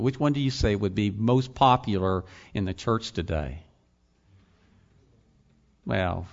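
A man's voice: lowish voice, vocal fry. A man preaching a sermon, asking the congregation rhetorical questions and building to emphatic points. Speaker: pastor and college teacher. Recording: slightly dull lo-fi sound.

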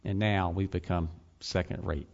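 Here the same kind of sermon comes in a low, steady voice with vocal fry, delivered at normal speed by a man who is a pastor and college teacher. He asks the congregation rhetorical questions and works up to emphatic points, captured in slightly dull lo-fi audio.

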